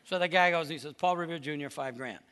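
A man preaching a lively, emphatic sermon to a congregation. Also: a little high, quick pace, clean tone. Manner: lively storytelling, animated and emphatic.

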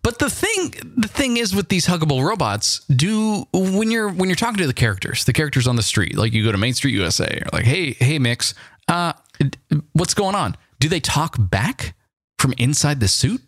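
A man's voice: on the high side, big pitch swings, brisk, a bit bright, no room sound, studio quality. A man co-hosting a casual podcast chat, teasing and playfully mock indignant. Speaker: co-host.

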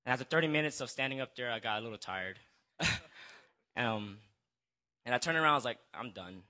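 A young man shares his personal testimony at a church gathering, speaking into a handheld mic. His voice is bright and forward. He talks nervously, stumbling and restarting, with a middling pitch. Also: lively intonation, brisk. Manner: nervous and hesitant, full of restarts and apologies. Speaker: church member giving a testimony. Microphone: handheld microphone.

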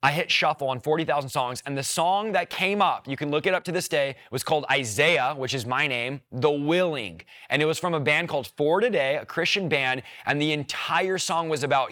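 A man in his thirties from California, sharing his personal conversion testimony as an animated storyteller who acts out his own quoted words. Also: on the high side, normal speed, hardly any pauses.

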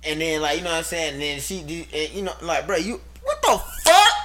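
A man's voice: a little high, big pitch swings, fairly quick, crowd noise. A young man in casual podcast chat, rambling and packing his talk with filler words.

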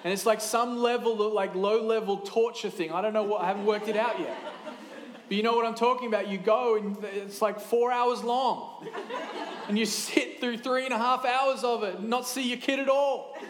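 Pastor guy preaching, kinda high voice, chatty and animated, lots of echo in the church. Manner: lively, conversational preaching with quick asides and self-corrections. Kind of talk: sermon.

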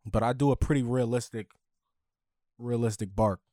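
A young podcast co-host with a mid-range voice trades teasing jokes in relaxed chat. His voice sits close to the mic in a dry space. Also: medium pitch, normal speed, dry recording. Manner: teasing, joking banter. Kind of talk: casual chat.

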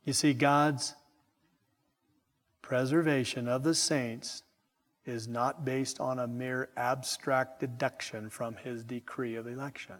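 A middle-aged man preaching a sermon with slow, emphatic delivery and chatty asides to his congregation. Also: mid-range voice, fairly even intonation, in a large hall. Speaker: pastor.

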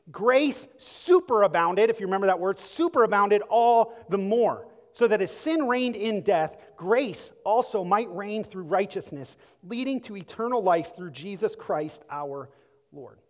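A man's voice: sits high, animated, a little slow, big-room sound. A man preaching a sermon, conversational and emphatic, with rhetorical questions and asides to the congregation. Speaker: pastor.

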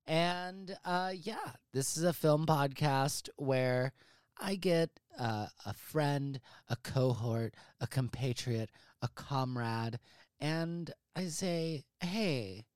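A man hosts a movie podcast from his home office, swearing freely and spinning out long, overblown riffs. His middle-pitched voice sits dry and close to the mic, with no room sound. The delivery is loose, jokey chat. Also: darkish tone, clear, resonant tone, no room sound. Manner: profane, hyperbolic, rambling. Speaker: podcast host. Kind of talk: casual comedic chat.

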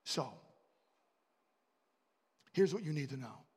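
A husky, darkish, medium-pitched voice belongs to a pastor who preaches slowly and expressively, echoing with the long reverb of a large hall. He weaves stories into the sermon, along with asides and questions for the congregation.

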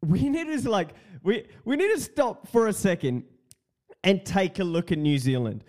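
A man's voice: sits high, expressive, moderate pace, a little mellow. A man hosting a casual solo podcast, talking in a profane, mocking way and often laughing. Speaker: podcast host.

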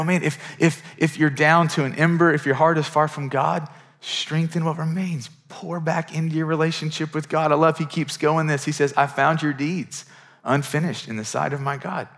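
A man's voice: a little high, fairly even intonation, normal speed, fairly bright tone. A middle-aged male pastor preaching a sermon in a conversational, earnest way, often repeating words as he builds a point.

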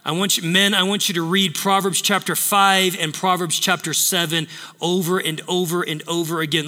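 A man's voice: on the high side, sharp tone, in a large hall. A man preaching a sermon, emphatic, repeating phrases to drive points home. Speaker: pastor.

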